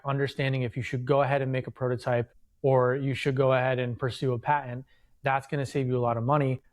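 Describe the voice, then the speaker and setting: Man calmly explaining advice. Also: mid-range voice. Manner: steady, explanatory advice with fillers. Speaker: podcast co-host, inventor coach. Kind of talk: casual chat.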